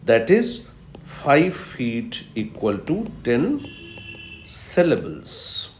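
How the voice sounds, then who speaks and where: Male professor, unhurried lecture, repeats key terms, echoey room. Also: medium pitch, wildly swooping pitch, slight background noise. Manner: explains step by step, repeats key terms, frequent "uh" fillers. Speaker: professor of literature. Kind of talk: recorded video lecture. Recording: roomy echo.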